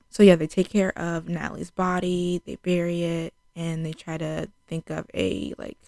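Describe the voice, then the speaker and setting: Young woman, casual TV review vlogger, gravelly low voice, talky and loose with "like" fillers. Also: flat delivery, normal speed, few pauses, warm tone, dry recording. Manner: chatty, fills speech with "like", acts out quotes. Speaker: TV show reviewer. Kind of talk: casual spoken show recap.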